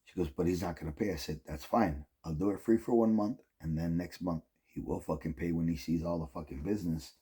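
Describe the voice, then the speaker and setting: Middle-aged man, low dark husky voice, casual rambling vlog storyteller, swears a lot. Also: steady tone, a little fast, hardly any pauses. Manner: rambling, heavy use of "like" and "um", profane. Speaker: vlogger.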